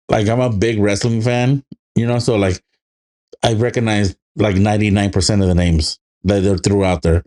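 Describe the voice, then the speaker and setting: Laid-back swearing podcast guy. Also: on the low side. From immigrated to the United States as a child. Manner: laid-back, swears freely, animated quoting. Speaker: podcast co-host. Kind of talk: casual chat.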